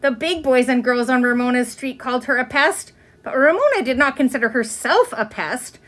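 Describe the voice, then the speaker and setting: A woman reading a children's storybook aloud in an expressive way. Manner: expressive, with many pitch swings. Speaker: reader.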